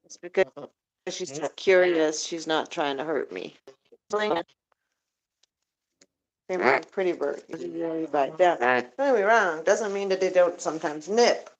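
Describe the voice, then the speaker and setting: A woman vlogger with a lowish, slightly slow voice chats casually outdoors by an animal coop at night. Doing her evening chores, she coaxes her animals and talks to them fondly as their owner.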